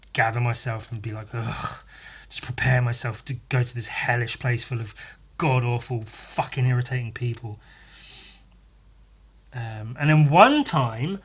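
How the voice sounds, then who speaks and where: A man's voice: mid-range voice, a little slow, husky. An English man hosting a solo podcast, rambling in a sweary, sarcastic way with lots of asides. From England. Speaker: podcast host.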